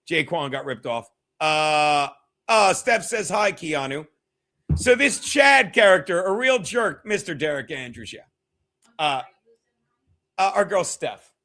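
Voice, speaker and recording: In a fairly high, sing-song voice that is bright and forceful, a comedy livestream host chats unhurriedly while reading viewer donations. He rambles, swears, thanks viewers and laughs frequently between remarks.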